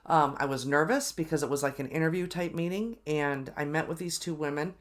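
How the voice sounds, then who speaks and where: A woman's voice: low voice, fairly quick. Exasperated woman telling a story. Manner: animated, exasperated retelling with lots of ums and restarts. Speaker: host. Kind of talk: casual storytelling monologue.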